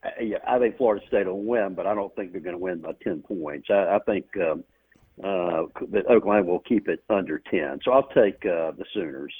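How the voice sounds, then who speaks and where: A man with a very low, husky voice weighs his picks in a measured way, pausing with "uh" and "um". He comes through a tinny phone line. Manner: measured, with hesitant fillers. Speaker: guest on call-in. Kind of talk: casual radio chat.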